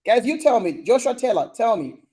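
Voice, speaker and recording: A man's voice: very high voice, very animated, brisk, a little mellow. A young man hosting a casual live stream, reading viewer comments in a playful, teasing way and laughing often.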